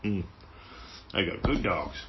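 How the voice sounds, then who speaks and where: A man's voice: deep voice, lively intonation, slow, noisy background. A man hosting a podcast, teaching in a casual, playful way and acting out little inner voices. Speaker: podcast host. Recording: dull lo-fi sound.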